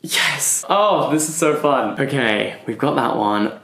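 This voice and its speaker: A man's voice: medium pitch, animated, slow pace, few pauses, fairly bright tone, faint music behind. A man vlogging about books, thinking aloud as he works through a puzzle, muttering guesses to himself and chuckling often. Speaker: book vlogger. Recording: roomy echo.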